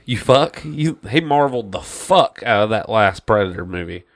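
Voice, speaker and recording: A man's voice: on the low side, lively intonation, moderate pace. A man on a casual podcast, ranting about a movie with heavy swearing and mocking quotes. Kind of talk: casual chat.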